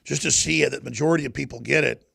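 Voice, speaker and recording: A man hosting a talk show, delivering a heated political monologue in a ranting, forceful way. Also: medium pitch, fairly even intonation, fast talker, creaky, breathy edge. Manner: ranting, forceful, with mocking put-on voices in quotes.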